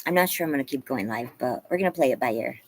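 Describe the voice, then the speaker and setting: A woman's voice: rumbling low, lively intonation, quick pace, slight background noise, poor audio. A woman hosting a casual live stream, chatting with viewers and reading the chat aloud, laughing often. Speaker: livestream host. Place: home, yard.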